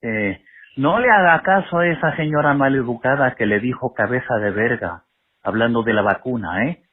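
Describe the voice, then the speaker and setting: A man phones in to a talk show, polite and halting, pausing on fillers. His voice is slightly husky. It comes through a tinny phone line. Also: medium pitch. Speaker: caller. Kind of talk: phone call-in.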